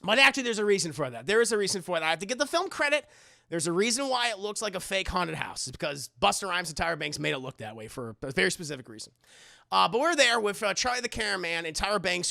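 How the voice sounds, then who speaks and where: Brief: snarky man recapping a bad movie, gravelly and bright, close and dry. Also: high voice, big pitch swings, fast, no room sound. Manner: sarcastic, rambling, swears often. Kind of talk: profane casual movie recap.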